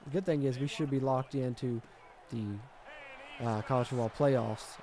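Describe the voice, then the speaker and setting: Faint music plays behind a man streaming a football video game. His medium-pitched voice is a little fast and a little mellow, and he reads viewer comments while swinging between frustration and hype.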